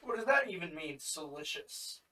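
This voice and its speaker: High lively man, off-mic. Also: moderate pace, recorded from a distance. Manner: short reactive questions and asides. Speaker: podcast co-host. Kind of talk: casual podcast chat.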